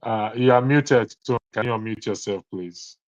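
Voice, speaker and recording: A man hosting an online debate, calmly asking a caller to mind his language, with many fillers. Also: on the low side, moderate pace, dry recording, muffled recording. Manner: calm, polite, hesitant with fillers. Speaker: host. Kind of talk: moderating a debate.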